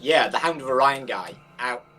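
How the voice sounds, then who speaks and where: A man's voice: mid-range voice, expressive, moderate pace, pushed and bright, soft background music. A man as a player, asking hesitant, restarting questions during a tabletop game. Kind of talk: tabletop role-play chat.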